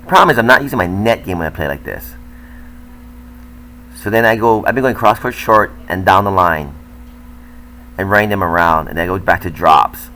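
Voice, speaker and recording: A man's voice: low-pitched, animated, moderate pace, long pauses, pushed and bright, rough recording. An older man, a tennis coach, talking candidly and self-critically as he comments over footage of his own match.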